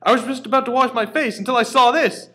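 A man voicing a panicky male talking cookie, yelling in a shrill, high voice. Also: steady tone, fast. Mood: alarmed.

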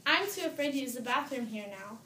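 A woman's voice: high-pitched, animated, brisk, sharp tone, echoey room. A woman voicing a young boy giraffe in a storybook, timid and scared.

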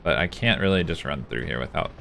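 A man's voice: extremely low pitch, lively intonation, quick pace, gravelly, a bit bright, slight background noise. A man commentating his own gameplay live, venting frustration and talking to his chat. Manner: frustrated, talks to himself and chat while playing. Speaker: gaming streamer. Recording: music playing behind.

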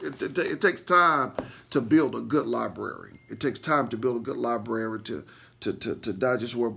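A pastor with a creaky, breathy-edged voice teaches a Bible lesson, repeating points emphatically and often checking in with "okay?" He's animated, swinging between loud bursts and quiet asides.

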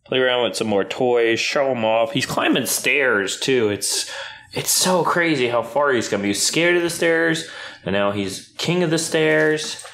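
A man chatting casually on camera while playing with his puppy, playful, often jumping up into high baby-talk at the dog. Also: lively intonation, a little slow, fairly bright tone. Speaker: YouTuber filming his dog. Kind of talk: casual vlog chat with a puppy.

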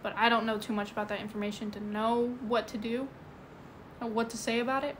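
A woman talks loosely into her phone during a livestream, filling her sentences with "like" and "you know". Her voice sits on the high side. A faint background hum runs under her speech. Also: flat delivery, brisk, a bit bright. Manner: rambling, full of "like" and "you know". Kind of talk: casual livestream chat. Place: indoors at home.

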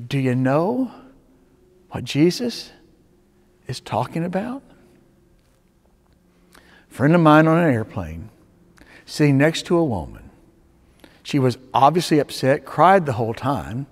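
A male pastor preaching a sermon, telling stories with dramatic swings between loud urging and hushed tones. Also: fairly high pitch, sing-song, takes it slowly, long pauses. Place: church sanctuary. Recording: long reverb of a church sanctuary.

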